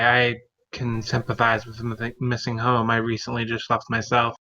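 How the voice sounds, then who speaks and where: A man speaks up as his character in a tabletop game, sympathetic and plain. His bright voice comes through a dull, lo-fi line. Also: medium pitch, monotone, normal speed, no room sound. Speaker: player. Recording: dull lo-fi sound.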